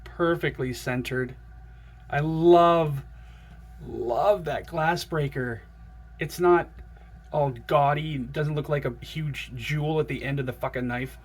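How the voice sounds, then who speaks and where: A man excitedly unboxing and looking over a knife in a casual vlog, gushing and chatting to his viewers. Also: on the high side, measured pace, slightly rough. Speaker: knife collector vlogger.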